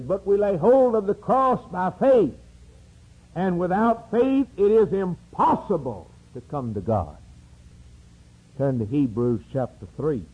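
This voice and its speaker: A male preacher delivers a sermon at a slow, deliberate pace. His voice is husky and mellow, and his pitch swings widely from loud emphatic peaks down to hushed low phrases. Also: highs cut off. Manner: dramatic preaching with sweeping rises and drops.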